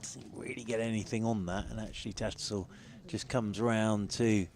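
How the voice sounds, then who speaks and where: A man giving brisk, good-humoured ball-by-ball cricket commentary on radio. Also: lowish voice, steady tone, gravelly, darkish tone, slight background noise.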